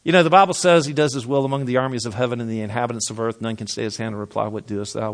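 A man preaching a sermon emphatically, dropping low for weight and restarting with repeated words. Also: fairly even intonation, very fast, hardly any pauses. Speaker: pastor.

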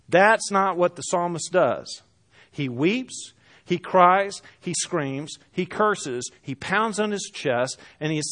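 A man preaching a sermon, reading scripture aloud and speaking with passion that swells and falls to hushed lows. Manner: impassioned, rising and dropping to hushed lows; reads scripture aloud in archaic phrasing.

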